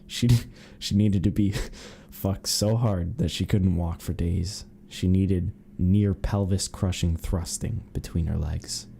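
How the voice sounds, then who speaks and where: A man's voice: sits low, fairly even intonation, takes it slowly, vocal fry, few pauses, warm tone, slight background noise. A man co-hosting a podcast, chatting casually and reading fanfiction aloud, rambling and giggly. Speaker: podcast co-host.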